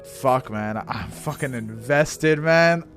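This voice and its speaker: A man streaming a game, chatting excitedly and swearing as he reacts. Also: mid-range voice, slow pace, soft background music. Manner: excitable, swearing, laughing often. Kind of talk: casual live-stream commentary.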